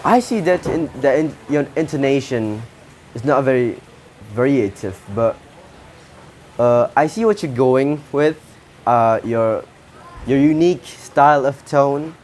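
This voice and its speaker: Judging a poetry contest, a medium-pitched man with an Indonesian accent offers feedback to each contestant. His phrases are short and halting, with frequent restarts.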